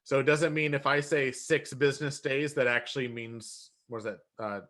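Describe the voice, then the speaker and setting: Man walking through a software demo. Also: mid-range voice, normal speed. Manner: relaxed, explanatory, self-correcting. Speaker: software trainer. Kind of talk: screen-share software tutorial.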